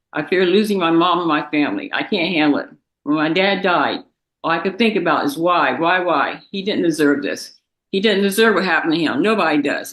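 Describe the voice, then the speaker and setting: Young woman, courtroom statement read from a page, tearful and halting, bright, pushed tone. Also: low voice, low-quality recording. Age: young adult. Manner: emotional, halting, with restarts and repetitions. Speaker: victim's daughter giving impact statement. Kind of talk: reading a prepared statement aloud.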